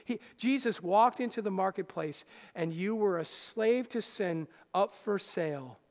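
A man with a high voice preaches a sermon to his congregation. He swings from loud rousing lines to hushed soft ones and keeps asking his listeners questions. The hall rings with a long reverb. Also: measured pace. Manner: speaks straight to the congregation with questions. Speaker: pastor. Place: church hall.

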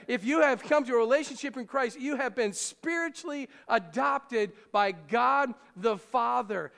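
Male pastor, high voice, conversational sermon delivery, long church reverb. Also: creaky, a bit bright. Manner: conversational, asks the congregation questions.

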